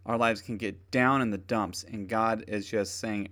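Tired, earnest low-voiced man. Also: fairly even intonation, unhurried, hardly any pauses, fairly bright tone. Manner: earnest, rambling, many fillers and restarts. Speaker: podcast host. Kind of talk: casual devotional talk.

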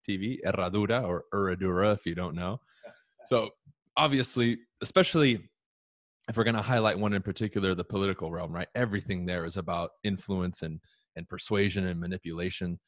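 A man's voice: low-pitched, fairly quick, no room sound, studio quality. A man hosting a live talk show, chatting casually and upbeat with his guest and audience. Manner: upbeat, slangy, talks to the audience directly. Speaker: podcast host.

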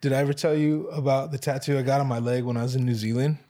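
A man's voice: medium pitch, fairly even intonation, quick pace, warm tone. A man in his thirties hosting a casual chat, telling stories in a laid-back, slangy, profane way. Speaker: podcast host.

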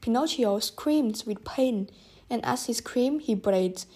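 Woman reading a kids storybook, gentle, talks to the kids, a bit high voice. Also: slow pace, husky. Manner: gentle, addresses listeners directly. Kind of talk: storybook narration for children.

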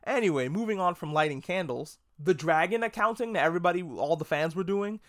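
A man's voice: high-pitched, brisk, no echo. Guy doing a casual episode review, hyped and cussing, dry close sound. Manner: excitable, profane, rambling. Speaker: TV show reviewer.

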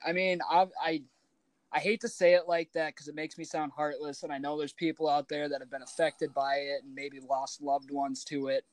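A man's voice: fairly high pitch, little pitch movement, normal speed, no room sound. A man co-hosting a casual podcast chat, blunt and opinionated. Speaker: podcast co-host.

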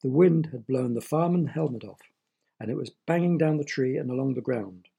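A man's voice: medium pitch, animated, a little fast, gravelly, dark tone, breathy edge, muffled recording. A man telling a children's story, playful and asking the young listeners questions.

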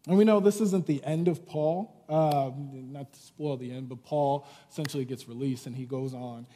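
Pastor, male, mellow tone, chatty sermon delivery, reverberant hall. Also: mid-range voice, moderate pace. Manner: conversational preaching, frequent "right?" and fillers.

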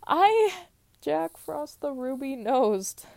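A woman's voice: sits high, sing-song, extremely slow, gravelly, a little mellow, no echo, exaggerated voice. A woman voicing a prancing, showy male winter spirit in a singsong voice, in a read-aloud folk tale.

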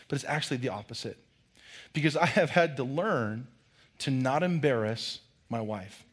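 A middle-aged man, a pastor, preaching a lively sermon with loud, humorous storytelling. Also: medium pitch, breathy edge.

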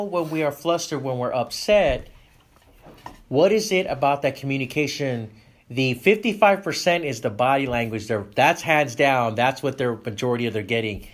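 A man hosting a group talk for dads, animated and acting out examples with shifting tone. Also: medium pitch, normal speed. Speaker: discussion host for fathers. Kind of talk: group discussion.

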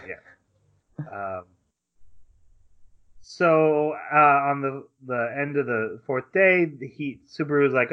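A man's voice: mid-range voice, lively intonation, takes it slowly, long pauses, clear, resonant tone. A man co-hosting a podcast, casually recapping an anime and acting out the characters' lines. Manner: rambling retelling with acted-out quotes and laughs. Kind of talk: casual chat. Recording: dull lo-fi sound.

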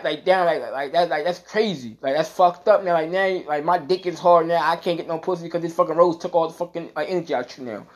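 A young man holds forth on his own podcast in a loose, heated rant. His talk is thick with curses and filler words, and he circles back to the same points again and again. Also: fairly high pitch. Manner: profane, repetitive, full of "like"; gets heated and louder. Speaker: podcast host.

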